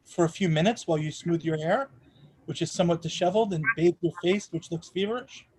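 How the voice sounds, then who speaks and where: A man reading the part of a passionate, brooding gentleman in an audiobook, with an impassioned, pleading delivery. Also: fairly high pitch, brisk, slightly rough. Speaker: reader in a charity readathon.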